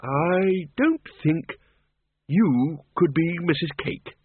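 A dithering old zombie wizard, voiced by a man, halting and polite, his voice lifting high and dragging slowly. Husky in tone, he comes over a tinny radio. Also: expressive, no room sound, heavily acted. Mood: hesitant.

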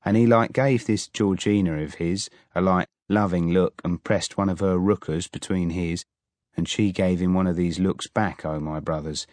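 A man narrating an audiobook in the first person, wry and expressive. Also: low-pitched, moderate pace, no echo.

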